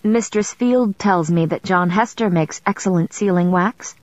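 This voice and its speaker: A woman's voice: fairly low pitch, a little slow, a little mellow, dry recording, natural voice. A woman reading the part of a kindly, middle-aged male French scrivener with a French accent, in a slightly muffled recording. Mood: polite.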